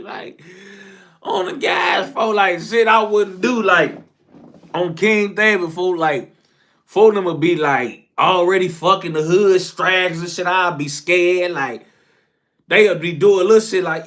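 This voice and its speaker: A man telling a casual story, slang-heavy and profane, jumping from shouted outbursts to low mumbled asides. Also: animated, slow pace.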